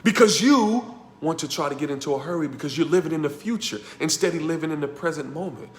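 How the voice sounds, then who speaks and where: Male motivational coach in an echoey room, emphatic and repetitive, shifts between hushed tones and loud bursts. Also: a little high, fast. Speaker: life coach teaching a masterclass. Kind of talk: motivational class talk.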